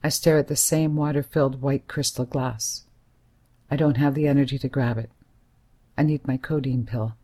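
A woman's voice: extremely low pitch, steady tone, moderate pace, warm tone. A woman reading a first-person story aloud in a plain, inward, present-tense manner. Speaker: narrator. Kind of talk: first-person audiobook narration.

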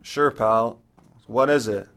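A man's voice: mid-range voice, slow, a bit bright. A man voicing a nervous, joking middle-aged father talking on the phone. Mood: chatty.

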